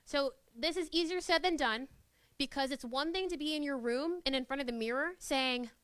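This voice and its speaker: A high-pitched young woman gives a live workshop talk to students. She is animated and playful and slips into quoted voices to act out scenes. Her voice sounds close and dry, with almost no room echo. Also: normal speed. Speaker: workshop presenter. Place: university classroom.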